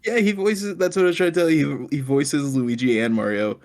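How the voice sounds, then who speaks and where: A man co-hosting a podcast, chatting casually and excitably, swearing and laughing often. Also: fairly high pitch, a little fast. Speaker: podcast co-host. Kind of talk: casual chat.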